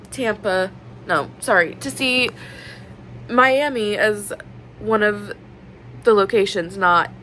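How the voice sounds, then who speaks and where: In a rough recording with slight background noise, a female book vlogger in her thirties speaks at a medium pitch with a somewhat bright tone. Her chatter is casual, earnest and emotionally open, wandering along with frequent "like" and "um" fillers.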